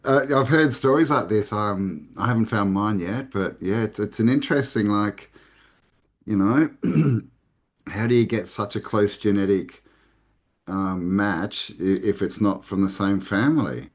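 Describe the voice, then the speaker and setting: A relaxed Australian man chatting as a podcast guest, with a fairly low voice. He rambles loosely and restarts his sentences often. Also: unhurried. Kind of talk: casual conversation.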